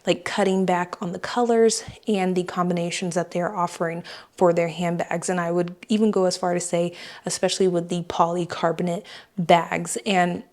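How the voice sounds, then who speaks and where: Young woman from Florida, lower-pitched, rambling chatty review-vlog delivery. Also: flat delivery, moderate pace. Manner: rambling, warm-hearted, with chuckles and fillers. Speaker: beauty and fashion vlogger. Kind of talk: casual chatty product review.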